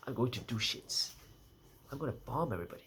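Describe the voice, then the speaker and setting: A man's voice: mid-range voice, animated, quick pace, a bit bright, slight background noise. A young man in a casual personal monologue, rambling and correcting himself as he half-jokes through his thoughts. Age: young adult. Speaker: vlogger.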